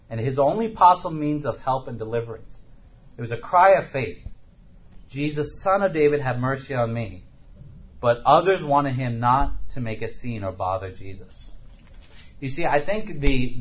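Man preaching, dull lo-fi recording. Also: medium pitch. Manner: conversational preaching with frequent rhetorical questions. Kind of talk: sermon.

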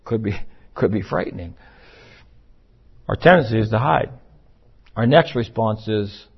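A man's voice: lowish voice, lively intonation, unhurried, creaky, slightly rough. A man preaching a sermon in an emphatic, conversational way, now and then acting out the voices he quotes. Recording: muffled, lo-fi recording.

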